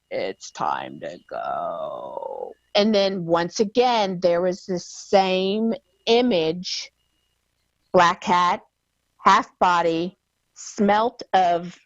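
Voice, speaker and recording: A woman guest telling a personal story, emotional and halting, often repeating her words. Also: fairly low pitch, no echo. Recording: dull lo-fi sound.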